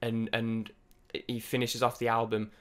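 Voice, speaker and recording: A young man giving rambling, excitable off-the-cuff first impressions of an album, with many restarts and some swearing. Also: mid-range voice, unhurried. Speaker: music reviewer.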